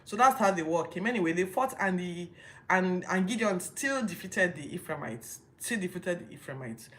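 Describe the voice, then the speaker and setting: Woman doing casual bible commentary, animated, keeps asking what were they thinking. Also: lowish voice, normal speed. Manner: animated, incredulous rhetorical questions; informal retelling with restarts. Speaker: Bible podcast host.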